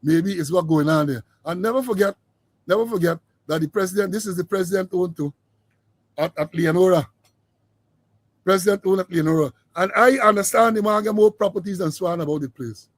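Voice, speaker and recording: A man's voice: high-pitched, a little fast, dry recording. A man giving a rambling political commentary, emphatic and repetitive, stretching out words for stress. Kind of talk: informal political commentary monologue.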